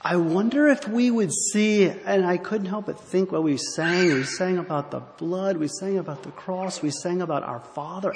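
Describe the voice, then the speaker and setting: A man's voice: high voice, moderate pace, a little mellow. A pastor giving a rambling, musing sermon in a church, often stopping to search for his words. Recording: echoey hall, faint ambient noise.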